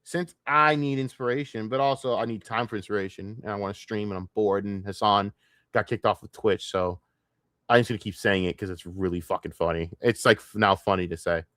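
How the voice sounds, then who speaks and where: A man's voice: fairly low pitch, fairly even intonation, brisk, a bit bright, no room sound. Rambling, profane male streamer, dry sound. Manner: rambling, profane, trails off and laughs to himself. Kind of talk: casual solo livestream rant.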